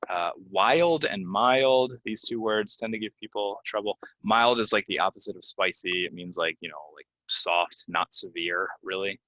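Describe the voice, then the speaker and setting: Male teacher, deep and bright, dry close sound, casual and filler-heavy. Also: little pitch movement, no echo, rough recording. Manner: casual, explains with many fillers and repeats words slowly. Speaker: English pronunciation teacher. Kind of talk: relaxed video lesson. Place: Florida.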